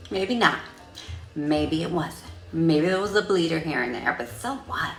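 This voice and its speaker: A woman telling a story in a casual vlog, sassy and profane, with animated delivery. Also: low voice, a little slow, vocal fry, echoey room, soft background music. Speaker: vlogger.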